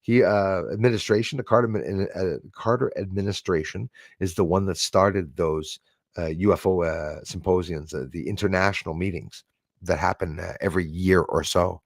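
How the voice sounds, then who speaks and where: A middle-aged Canadian man hosts a casual livestream, reading viewer comments and rambling with plenty of fillers, restarts and chuckles. He speaks in a low voice at a moderate pace, and the recording is dry and studio quality.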